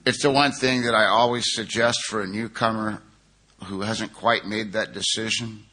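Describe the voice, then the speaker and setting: A man's voice: fairly low pitch, steady tone, moderate pace, pushed and bright. A middle-aged man from California telling his personal recovery story to a conference audience, earnest and conversational, with frequent "you know.".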